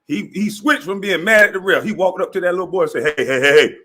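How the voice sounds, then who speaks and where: Fast and forceful, his bright voice sits high as the forties-aged former basketball player rants. It's an animated, profane tirade full of mockery, laughter and impressions of the people he's quoting.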